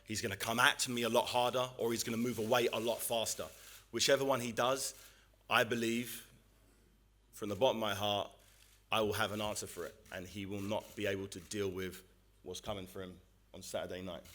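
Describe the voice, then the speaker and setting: A boxer at a press conference who answers questions in a measured, determined and earnest way. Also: male voice, lowish voice, steady tone, sharp tone.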